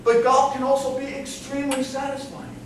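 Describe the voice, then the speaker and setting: A man giving a humorous competition speech, telling a story with animated comic timing, recorded from a distance in a large hall with the audience laughing. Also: extremely high pitch, brisk. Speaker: contest speaker. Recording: echoey hall from far off, with room noise.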